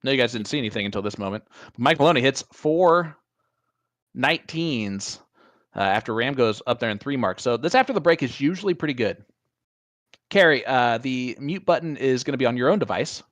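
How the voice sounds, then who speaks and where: A man with a plain Midwestern accent co-commentates a darts match, chatty and full of jokes. His voice sits at a middle pitch and sounds dry and close. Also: expressive, brisk, a bit bright, dry recording. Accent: Midwestern American. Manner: chatty, joking, uses playful comparisons. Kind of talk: live sports commentary.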